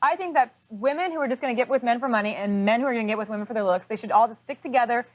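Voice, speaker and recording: Woman co-host with a high voice, chatty and teasing, slightly dull sound, music under. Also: very fast. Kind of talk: casual broadcast banter and segment reading.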